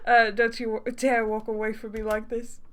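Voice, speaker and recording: A woman voicing a smug, possessive young man in a game, with a deliberately poor put-on British accent and a condescending manner. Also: fairly high pitch, flat delivery, fairly bright tone, close to an everyday voice. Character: smug arrogant young man, jealous ex-lover. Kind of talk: reading game dialogue aloud.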